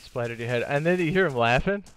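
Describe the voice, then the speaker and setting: A man giving live, excitable commentary while streaming a game, swearing and laughing often. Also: medium pitch, fast, clean tone.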